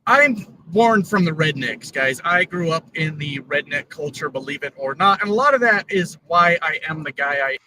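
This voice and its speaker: A man's voice: a little high, animated, normal speed, hardly any pauses, pushed and bright. A man talking to his viewers while driving his truck, rambling with lots of fillers. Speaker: trucker YouTuber. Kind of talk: casual vlog while driving. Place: truck cab on the road. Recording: distant mic, road noise.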